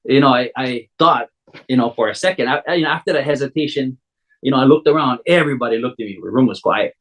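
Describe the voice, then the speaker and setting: A man's voice: medium pitch, quick pace, a bit bright, low-quality recording. A Hawaiian man in his forties recounts his own story in a loose, conversational way. He rambles and restarts, filling the gaps with "you know," and slips into the voices of the people he describes. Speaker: contractor telling his story. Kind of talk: casual storytelling.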